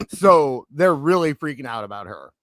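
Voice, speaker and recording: A man co-hosts a casual wrestling podcast, excitable and laughing often. His voice sits high and swings widely. The sound is dry. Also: normal speed, no echo. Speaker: podcast co-host.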